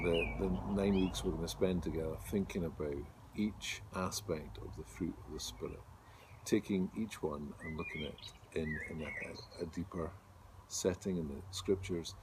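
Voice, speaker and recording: A man preaches from home in a friendly, chatty way, growing more animated when he tells a story. His voice sits low and deep. A faint noise runs under the recording. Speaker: pastor. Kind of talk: sermon with a told joke. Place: home during lockdown.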